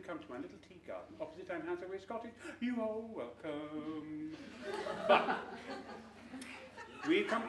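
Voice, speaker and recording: A man's voice: on the high side, fairly bright tone, echoey room, recorded from a distance, slight background noise. A man in his late sixties from India, joking and chatting playfully about his life and career. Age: 60s. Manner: playful, interrupts with jokes and laughter. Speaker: testimonial speaker. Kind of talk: casual joking chat before an audience.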